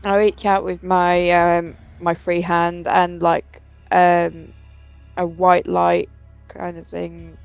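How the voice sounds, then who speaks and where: A woman's voice: lowish voice, monotone, slow, vocal fry, clean tone, no echo, faint music behind, poor audio. A woman playing in a tabletop game, chatting casually and hesitantly. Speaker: player.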